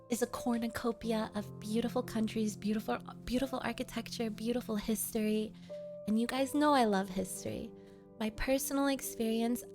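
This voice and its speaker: A woman's voice: on the high side, a little mellow. A woman VTuber streamer chatting casually with her viewers, playful and teasing as she coddles them. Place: home streaming setup.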